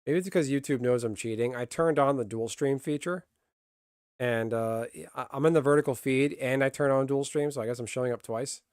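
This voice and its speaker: A man chats live to his stream in a blunt, grumbling way, cursing freely as he talks. His voice sits at a middling pitch. The sound is dry and close, with no room echo. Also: fairly quick, darkish tone, clear, resonant tone. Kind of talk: casual live-stream chat.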